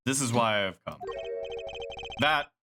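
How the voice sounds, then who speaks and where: A man's voice: medium pitch, expressive, takes it slowly. A man voicing a mysterious male stage magician in disguise, reading the lines in a grave, theatrical, formal way. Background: game music.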